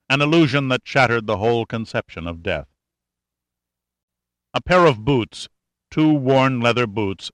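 Homme grave narrant un roman d'aventure. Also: male voice, fairly low pitch, pushed and bright, smooth, no room sound. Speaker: audiobook narrator. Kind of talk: scripted narration of an adventure novel.

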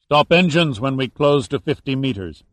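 A man voicing a calm, commanding male patrol ship captain in an audiobook, speaking in a measured, matter-of-fact way. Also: medium pitch, dry recording, natural voice.

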